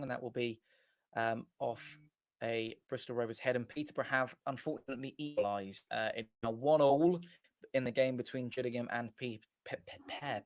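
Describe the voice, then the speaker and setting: A man's voice: mid-range voice, no room sound. A man hosting a fan watchalong, giving casual live match commentary in a chatty, rambling way and often correcting himself. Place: small home studio.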